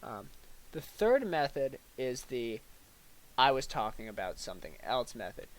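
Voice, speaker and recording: Deadpan young man giving a mock lecture. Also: medium pitch, low-quality recording. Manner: halting, filler-heavy, mock-serious delivery with acted asides.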